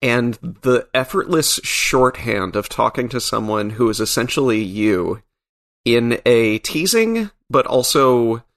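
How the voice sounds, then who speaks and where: A man's voice: medium pitch, expressive, takes it slowly, creaky, a bit bright. A man, a comic book writer, talking in a casual podcast conversation, thoughtful and wry, with frequent restarts.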